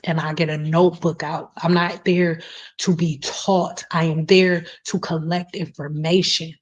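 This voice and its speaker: A woman's voice: low-pitched, little pitch movement, measured pace, slightly rough. Passionate, blunt woman on a muffled stream. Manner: blunt, passionate, swears freely. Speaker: hair care host answering live chat. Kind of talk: casual live stream chat. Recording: dull lo-fi stream audio.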